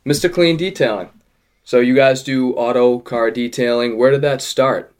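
Casting: easygoing male podcast host, mid-pitched, conversational. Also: moderate pace. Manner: relaxed, conversational questions. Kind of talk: casual interview.

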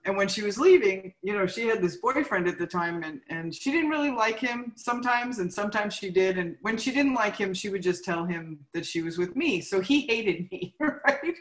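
A woman's voice: medium pitch, fairly bright tone. Woman, frank recovery share, self-mocking, echoey room. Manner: chatty, frank, self-mocking, keeps asking "right?". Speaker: speaker sharing her recovery story. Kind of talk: recovery meeting share, storytelling.

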